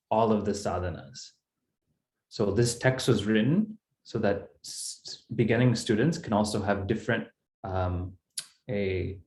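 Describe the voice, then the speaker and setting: A man's voice: medium pitch, a little mellow, roomy sound. A man teaching a Sanskrit text in an online class, explaining step by step in a patient way.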